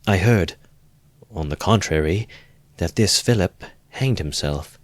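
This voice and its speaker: Stern young woman, voiced by a male reader, slightly raised pitch over a low voice, dry close sound. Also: lively intonation, unhurried, dry recording.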